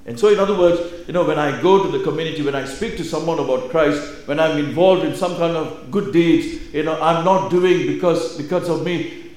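A man preaching a sermon, swinging between hushed and loud emphatic phrases and repeating them. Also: a little high, moderate pace. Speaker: pastor. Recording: very echoey room.

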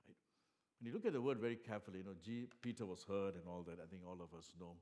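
Man preaching, earnest, low-ish voice, soft asides and loud emphatic swells, lots of fillers and restarts. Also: racing. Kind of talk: sermon.

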